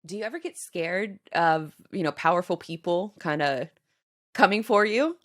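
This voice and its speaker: Female podcast host, relaxed and curious, lowish voice. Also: moderate pace. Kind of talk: casual interview questions.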